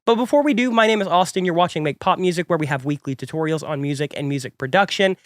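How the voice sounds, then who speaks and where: A young man hosting a music production tutorial, his voice a little stuffy from a cold. He talks quickly in a slightly high register, upbeat and chatty, rambling a bit. The sound is dry and close, with no room echo. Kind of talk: casual tutorial talk.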